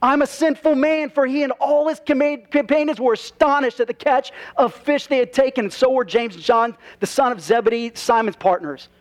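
A man's voice: very high voice, brisk, few pauses. A man preaching a sermon to his congregation as pastor, conversational, with rhetorical questions and asides. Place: church.

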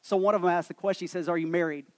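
A man's voice: high-pitched, fairly even intonation, racing, a little mellow. A man, a pastor preaching a sermon in a church in a conversational, self-deprecating storytelling manner. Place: church sanctuary.

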